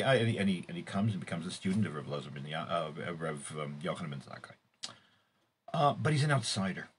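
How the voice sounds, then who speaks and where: Low-pitched yet fairly bright, with a breathy edge, this middle-aged man in Israel leads a weekly Torah class. He speaks unscripted and haltingly, restarting and filling pauses, with sudden emphatic rises.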